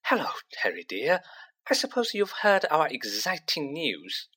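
A man's voice: a little high, wildly swooping pitch, measured pace, bright, forceful tone, husky, pitched above the performer's own voice, heavily acted. A man voicing a stern, proud middle-aged witch mother in a storybook reading. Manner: stern, snapping.

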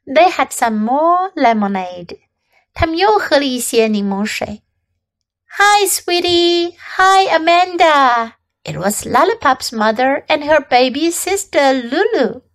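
Slow-reading woman English teacher. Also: high-pitched, sing-song. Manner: slow, careful reading with repeated practice sentences. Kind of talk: bilingual picture-book reading.

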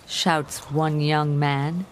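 Slow, low-voiced woman storyteller. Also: flat delivery, slight background noise. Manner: measured, clearly articulated. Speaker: narrator. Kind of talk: slow graded-reader story narration. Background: background music.

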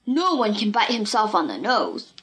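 A woman doing a gruff, scolding storybook man. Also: mid-range voice, huge pitch swings, normal speed, fairly bright tone. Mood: scornful. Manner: scolding, blunt. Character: gruff grown man, impatient and quick to anger. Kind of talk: storybook reading.

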